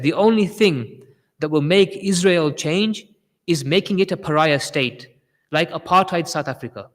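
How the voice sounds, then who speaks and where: A man gives an impassioned Friday sermon and repeats key phrases to drive them home. His voice sits fairly high for a man. A long hall reverb trails behind each line. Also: moderate pace. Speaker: preacher giving a Friday sermon.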